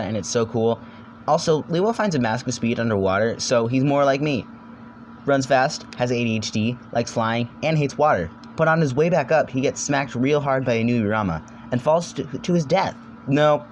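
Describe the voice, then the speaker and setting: In a casual comedy video essay, a young man talks in a mid-range voice, wandering off on tangents, cracking jokes, cursing occasionally, and slipping into brief goofy voices. A faint hiss or hum sits underneath.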